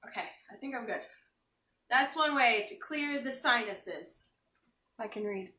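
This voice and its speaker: A woman's voice: a little high, lively intonation, a little slow, pushed and bright, far from the mic. A woman hosting a casual live cooking stream from her home kitchen, joking and chatting as she works with teary eyes. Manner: chatty and joking, reads viewer comments aloud. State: teary from chopping onions. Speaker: cooking show host. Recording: echoey kitchen, off-mic.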